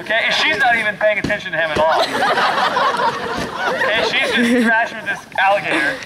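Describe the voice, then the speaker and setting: A man telling a long joke in an animated, chuckling way, often restarting his sentences. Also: high voice, a little fast, over a noisy crowd. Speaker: joke teller. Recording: loud background noise.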